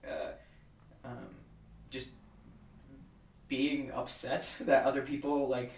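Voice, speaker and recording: A man's voice: mid-range voice, slow, creaky. Chill guy rambling on a podcast, lots of ums, sounds far off the mic in an echoey room. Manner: rambling, hesitant, many fillers and restarts, laid-back. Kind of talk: casual conversational chat. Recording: roomy sound from a distance off the mic.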